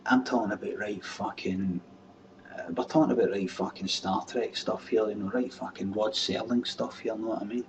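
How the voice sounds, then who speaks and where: A man's voice: fairly low pitch, steady tone, moderate pace. A Scottish man hosting a live webcam show, rambling and swearing in casual chat. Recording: dull webcam audio from a distance with faint background hum.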